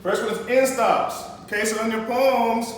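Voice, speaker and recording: Male teacher running a poetry lesson; high voice, patient explaining, frequent "okay?" check-ins, recorded from across a very echoey classroom. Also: fairly even intonation, normal speed. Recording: echoey classroom, mic far off, faint noise.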